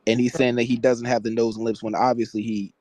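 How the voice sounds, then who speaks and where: Caller, male, mid-pitched, argumentative and matter-of-fact, dry. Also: flat delivery, quick pace, darkish tone, no echo. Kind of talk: call-in debate.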